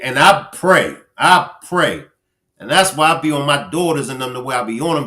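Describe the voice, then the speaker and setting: Bright and forceful, this medium-pitched male streamer talks straight to his chat with emphasis, circling back to repeat phrases during his live commentary.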